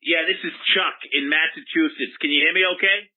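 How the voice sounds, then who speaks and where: A man voicing a gruff, foul-mouthed baseball mascot who calls in to a comedic advice show, combative and rambling. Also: on the high side, brisk, phone-quality sound, close to an everyday voice. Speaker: caller.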